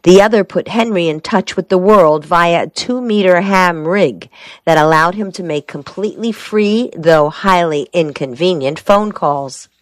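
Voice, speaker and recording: Woman narrating a story, dry and low. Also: unhurried, no echo. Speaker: audiobook narrator. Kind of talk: scripted narration.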